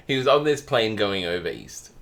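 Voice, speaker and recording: This podcast co-host has a fairly low, creaky voice with a slightly bright edge, and he sounds animated but unhurried. He tells stories in a relaxed, chatty way, laughing frequently.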